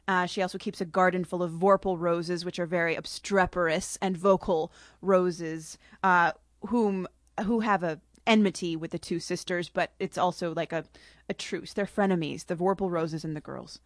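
A woman's voice: lowish voice, fairly even intonation, normal speed, no room sound, studio quality. A woman author, chatting casually with frequent laughs about her story, then reading from it. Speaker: author guest.

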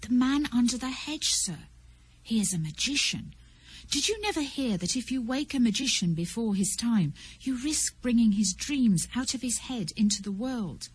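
A woman reading aloud, voicing a respectful, anxious village man who speaks very softly. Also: on the high side, animated, moderate pace, breathy edge, low-quality recording. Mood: hushed. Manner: hushed, near whisper.

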